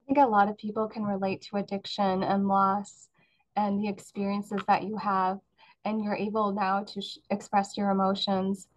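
A woman hosting an interview, asking questions in a gentle, measured way. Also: mid-range voice, completely flat delivery, poor audio. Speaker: interview host.

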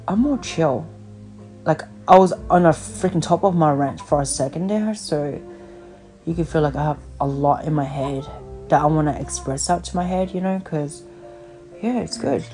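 A woman's voice: low voice, creaky, dark tone. A woman hosting a podcast, talking in a rambling, blunt casual chat over the phone and swearing freely. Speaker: podcast host.

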